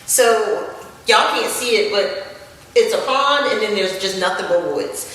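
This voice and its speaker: Animated woman telling stories. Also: mid-range voice, unhurried. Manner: animated, emphatic storyteller. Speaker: podcast guest. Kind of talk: casual storytelling chat. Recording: echoey room, distant mic.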